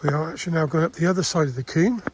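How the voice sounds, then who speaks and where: A man's voice: fairly high pitch, racing. An older man chatting casually as he walks through the countryside filming, rambling with restarts. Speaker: vlogger. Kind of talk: casual walking commentary. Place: outdoors in countryside.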